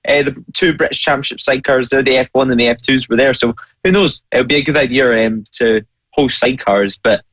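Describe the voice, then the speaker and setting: A man who commentates on races, co-hosting a casual motorsport chat in a measured, explanatory way. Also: medium pitch, steady tone, a bit bright, no echo, poor audio. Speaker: race commentator and co-host.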